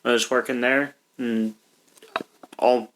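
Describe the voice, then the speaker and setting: A man's voice: medium pitch, level tone, takes it slowly, a bit bright. A man in casual podcast chat, telling a story loosely and with swearing.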